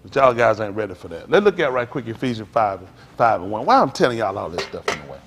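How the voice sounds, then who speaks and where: A man preaching a sermon as pastor, telling stories with loud outbursts. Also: on the low side, fast talker. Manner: animated preaching with storytelling, loud outbursts and laughs.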